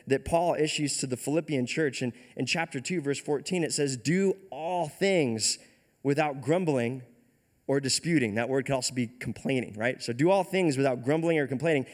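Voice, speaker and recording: A man's voice: medium pitch, fairly quick, few pauses. A man preaching a casual retelling sermon, conversational and often checking in with "right?". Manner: conversational, keeps asking "right?". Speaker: pastor.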